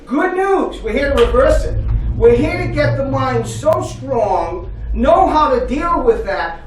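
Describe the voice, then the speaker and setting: A man giving a live motivational talk as a psychotherapist, joking and leading the audience in call-and-response chants. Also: extremely high pitch. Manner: energetic, jokey, call-and-response. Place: large public library hall. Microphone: far from the mic. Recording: echoey hall from far off.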